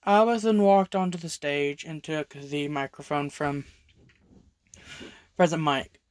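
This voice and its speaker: A storyteller narrating an original fan story over speedpaints, halting with frequent restarts and self-corrections. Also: medium pitch, steady tone, darkish tone, no room sound.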